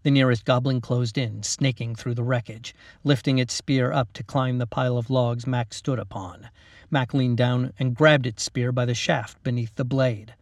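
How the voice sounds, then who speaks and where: A man's voice: medium pitch, fairly even intonation, moderate pace, no echo, clean studio sound, recorded from a distance. Man reading a story steadily. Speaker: author and reader. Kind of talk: scripted narration.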